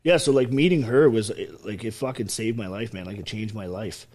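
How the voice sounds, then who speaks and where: A man in his thirties, a former soldier from Canada, telling his life story in a casual interview with lots of swearing and animated retelling. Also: fairly low pitch, a little fast. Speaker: podcast guest, former soldier.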